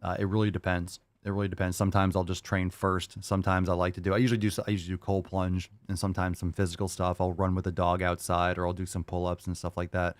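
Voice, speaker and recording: A man's voice: low voice, monotone, quick pace, hardly any pauses, no room sound. A man hosting a podcast, answering listener questions in a loose, rambling chat with jokey asides. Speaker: podcast host.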